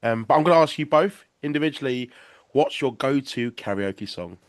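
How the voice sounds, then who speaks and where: Deep, boomy podcast host. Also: male voice, animated, normal speed, no room sound, clean studio sound. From England. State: a bit croaky. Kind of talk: casual interview chat.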